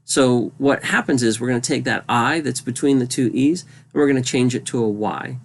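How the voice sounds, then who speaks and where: Relaxed man explaining a grammar lesson. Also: mid-range voice, moderate pace, gravelly, slight background noise. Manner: relaxed, conversational, spells out letters, frequent ums. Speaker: Spanish teacher. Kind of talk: explanatory lesson over slides.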